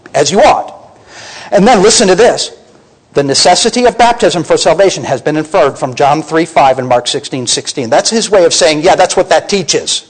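A man's voice: on the high side, poor audio. A man teaching from the Bible as a preacher, emphatic and full of rhetorical questions to his listeners.

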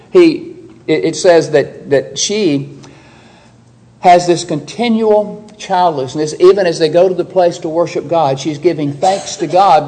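A man preaching in an expressive sermon style. His voice sits a little higher than most men's and climbs sharply when he quotes the people in the text. He drops low and quiet to make a point land. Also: low-quality recording. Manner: expressive preaching, voicing biblical speakers with rises in pitch. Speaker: pastor.

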